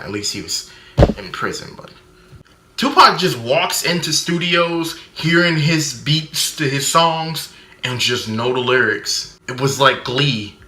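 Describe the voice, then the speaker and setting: A man's voice: on the high side, sharp tone, echoey room. A man doing a comedic movie review rant, sarcastic, mimicking people and shrieking a running punchline.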